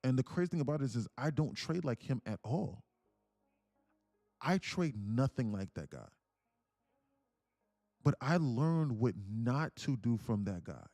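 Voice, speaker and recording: A man's voice: mid-range voice, very animated, measured pace, long pauses, mellow, no echo, clean studio sound, faint music behind. A man hosting a livestream, telling a story in a rambling, profane, casual way. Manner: rambling, profane, full of restarts. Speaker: livestream host.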